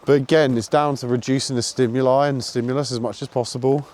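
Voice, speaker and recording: A man with a mid-range voice talks casually as he walks outdoors. He is relaxed and chatty, and explains dog training as he goes. It is a laid-back walking vlog. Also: medium pitch, fast. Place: outdoors on a walk.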